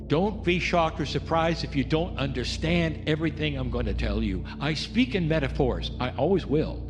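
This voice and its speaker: A man talking a group through a slow guided meditation as a spiritual channeler, speaking straight to his listeners. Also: a little high, expressive, big-room sound, over music.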